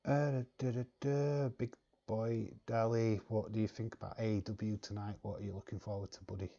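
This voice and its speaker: A man with a London accent hosts a relaxed home live stream, chatting with viewers and humming idly between comments. His voice sits low and gravelly with a mellow tone, and the audio comes through dull and lo-fi. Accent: London English. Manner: chatty, laughs often, fills pauses with humming. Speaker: wrestling live-stream host. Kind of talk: casual live-stream chat reading comments. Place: living room at home, lit by a video light.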